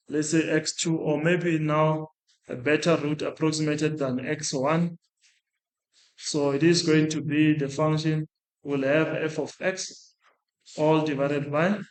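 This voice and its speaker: In an echoey classroom, a male maths lecturer with a fairly high voice walks through a calculation step by step. He works it out aloud, pausing to restart and correct himself.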